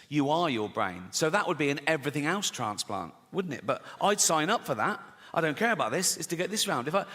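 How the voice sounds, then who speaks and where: A man's voice: bright, forceful tone, big-room sound. A man doing a sardonic stand-up routine, mocking people and acting out their voices. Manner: sardonic, mocking, acts out characters in sudden high voices. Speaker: stand-up comedian.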